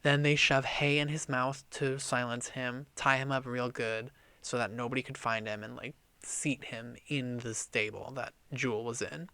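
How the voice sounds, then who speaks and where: An animated man co-hosts a casual book podcast, retelling the story with cursing and quick acted-out lines. His voice is bright and forward. The recording is close and dry. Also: mid-range voice, clean tone, dry recording. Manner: animated, profane, acts out lines. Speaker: podcast co-host. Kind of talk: casual book-club chat, retelling the plot.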